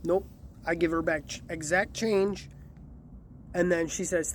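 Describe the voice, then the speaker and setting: A man's voice: high-pitched, fairly even intonation, measured pace, slight background noise. A man casually telling a story about delivering pizza, acting out the lines of the people in it. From Chicago area. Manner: chatty, acts out quotes.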